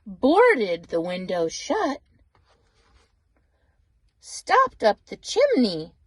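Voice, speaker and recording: An older woman reading a picture book aloud, with animated delivery and whispered asides to the listener. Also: a little high, very slow, breathy edge, no echo. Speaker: storybook reader.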